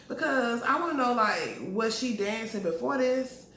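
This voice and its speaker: A woman's voice: a little high, lively intonation, moderate pace, a bit bright. A woman recaps a TV episode in casual slang and acts out the characters' lines as she goes. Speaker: TV show recap vlogger. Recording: echoey room, faint background noise.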